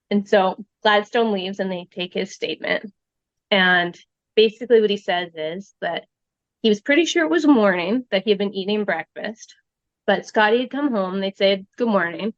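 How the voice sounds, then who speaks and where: A woman's voice: mid-range voice, moderate pace, no room sound, highs cut off. A Canadian woman casually retelling a true-crime story, acting out the quotes with lots of fillers. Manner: chatty, acts out quotes, many fillers. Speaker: storyteller guest.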